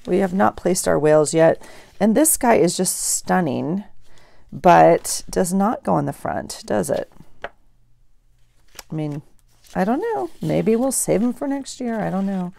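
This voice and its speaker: A woman's voice: on the low side, lively intonation, a little slow, gravelly, mellow. A woman vlogger chatting casually at her craft desk, thinking aloud as she journals and opens mail. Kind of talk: casual chat while journaling.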